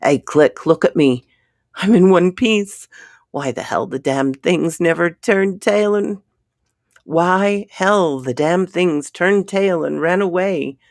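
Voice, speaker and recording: A woman's voice: on the low side, slow, a little mellow, dry recording, studio quality. A woman voicing a big, boastful spaceman with a folksy drawl, in a storybook reading. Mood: jovial. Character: big brash Irish spaceman, grown man.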